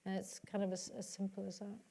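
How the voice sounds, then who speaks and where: A woman's voice: mid-range voice, little pitch movement, fast, vocal fry, mellow, slightly rough. A woman in her fifties with a British accent, reflecting thoughtfully as the guest at a live onstage conversation. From United Kingdom and United States. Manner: reflective, searching for words. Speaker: guest actress. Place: public talk in a library hall.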